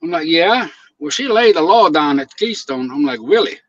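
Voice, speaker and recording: Man, casual storyteller, animated, slightly high voice, lo-fi dry recording. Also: normal speed. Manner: animated storyteller, acts out quotes, laughs often. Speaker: guest videographer. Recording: dull lo-fi dry sound.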